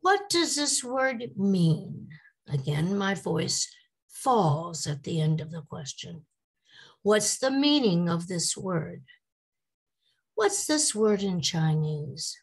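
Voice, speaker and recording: A woman giving a teaching lecture to English teachers, speaking deliberately and reading example questions aloud to show how they sound. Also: lowish voice, animated, creaky, slightly rough. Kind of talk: slide-based teaching lecture.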